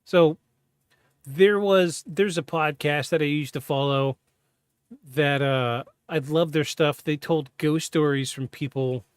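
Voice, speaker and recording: A man hosting a podcast, telling a personal story in a halting, candid, self-interrupting way. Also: on the high side, steady tone, clean tone, no room sound. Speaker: podcast host. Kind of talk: casual storytelling.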